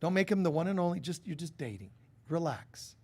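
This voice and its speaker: A man giving a lively spiritual sermon at a church service, often acting out quoted voices. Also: on the high side, a little fast, husky. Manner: animated, acts out quoted voices. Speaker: spiritual teacher. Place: church hall.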